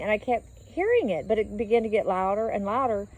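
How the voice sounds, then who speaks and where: A woman's voice: medium pitch, animated, a little fast, few pauses, a little mellow, rough recording. A middle-aged woman speaks into her phone outdoors in an earnest, rambling testimony. She talks with feeling, stops and restarts, and keeps going on as she walks. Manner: earnest, rambling, emotional, with frequent fillers. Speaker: vlogger sharing a dream. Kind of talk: casual testimony to camera. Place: outdoors walking her dog in town.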